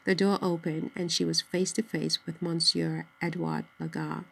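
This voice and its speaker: A woman reads a novel aloud in a steady, measured way. Her voice is low with a noticeable gravelly fry, and the delivery stays even, as in a scripted audiobook. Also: rough recording. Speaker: narrator.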